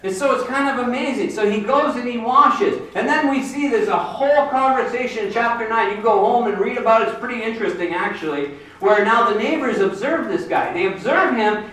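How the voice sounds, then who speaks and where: A pastor preaches a sermon, retelling a Bible story in a lively storyteller's manner and slipping into the characters' voices. His voice sits high for a man. It reaches the mic from some distance and rings through a very echoey hall. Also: brisk, few pauses.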